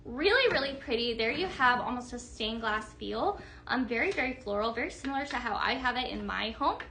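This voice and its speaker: Bubbly woman live-stream presenter, high bright voice, faint hiss behind. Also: expressive, fairly quick. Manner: bubbly, gushing, chatty with viewers. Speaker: livestream home decor presenter. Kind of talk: live product demonstration.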